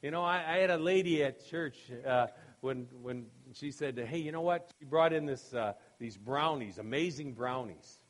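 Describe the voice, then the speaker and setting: A man's voice: mid-range voice, normal speed. A man preaching a sermon in a conversational way, often asking "okay?" and acting out funny anecdotes. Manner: conversational, many "you know" and "okay?" asides; acts out quoted voices in humorous anecdotes, laughing. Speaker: pastor.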